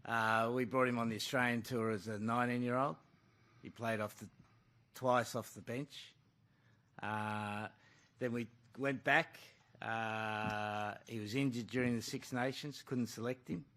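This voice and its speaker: A rugby coach fielding questions at a press conference, speaking bluntly and casually and calling people mate. His voice is bright and forceful, sitting at a middle pitch for a man. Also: fairly even intonation, measured pace. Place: press club room.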